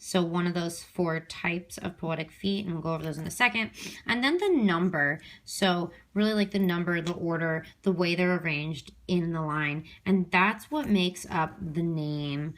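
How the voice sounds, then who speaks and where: Woman teacher with a lower voice. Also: moderate pace. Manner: explanatory, many fillers, checks in with "okay?". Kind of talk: recorded review lesson.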